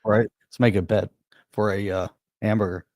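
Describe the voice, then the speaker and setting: A man's voice: fairly low pitch, fairly even intonation, normal speed, a little mellow, no echo, clean studio sound. A middle-aged man co-hosting a casual livestream chat, chiming in with short supportive remarks. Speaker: co-host of a crypto livestream.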